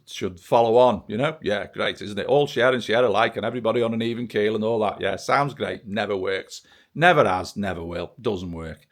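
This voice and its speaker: A man's voice: fairly low pitch, fairly bright tone. A British man in a profane, sarcastic political rant, filming himself and talking straight to the camera. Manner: angry, sweary, sarcastic ranting. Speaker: vlogger. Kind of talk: ranting political monologue to camera.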